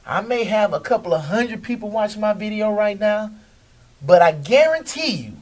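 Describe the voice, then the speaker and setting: His voice sits high and was captured from afar. On his own video show he delivers a loose, animated monologue to camera, swearing freely, laughing a lot and firing back at critics.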